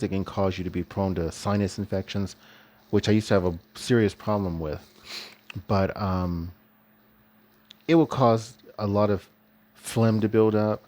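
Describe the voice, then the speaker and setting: A man's voice: fairly low pitch, darkish tone. A man talking in a loose, rambling religious vlog monologue, chuckling often as he goes. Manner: loose, rambling delivery with frequent restarts. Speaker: vlogger.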